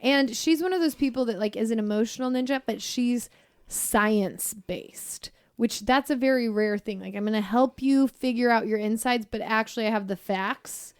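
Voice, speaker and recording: High-voiced giggly woman co-hosting a podcast. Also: normal speed, clear, resonant tone, no echo, studio quality. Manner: giggly, playful. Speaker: podcast co-host. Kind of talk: casual chat.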